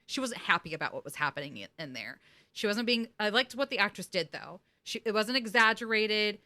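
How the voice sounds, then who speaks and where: A woman podcast host recapping a TV episode in casual chat, animated, laughing often and slipping into impressions. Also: mid-range voice, brisk.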